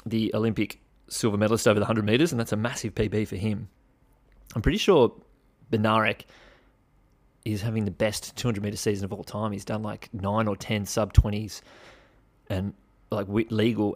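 A young man talks through the latest results in a casual podcast, his voice sitting fairly low. He is chatty and wry and swears casually. Every so often he breaks into animated bursts. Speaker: podcast host. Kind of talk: casual sports commentary podcast.

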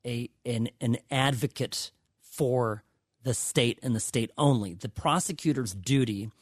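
A man co-hosting a legal talk show, speaking in a halting, emphatic way with many restarts. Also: medium pitch, no room sound, studio quality. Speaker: co-host, lawyer. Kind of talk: casual legal commentary.

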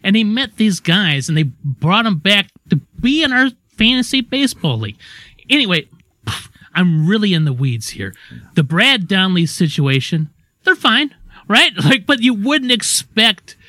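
A man's voice: on the high side, no room sound. A man on a radio show telling a long, rambling story in casual chat, often stopping to correct himself. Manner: rambling, animated, self-interrupting. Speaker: radio co-host.

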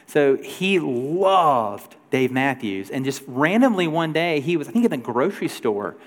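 A man in his forties preaching a sermon as pastor, telling a story in a loose, conversational way with shifting pace and loudness. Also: a little high, sing-song, measured pace. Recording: long hall reverb.

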